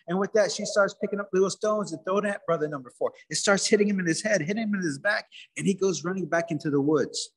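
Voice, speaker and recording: Husky man telling a folktale. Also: sits high, fast, few pauses, big-room sound. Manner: repetitive, rhythmic phrasing. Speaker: storyteller, museum director.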